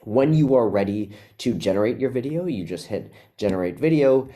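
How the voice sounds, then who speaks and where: A man presenting a webinar, walking through a software demo in a relaxed, casual way with frequent ums and uhs. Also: mid-range voice, normal speed.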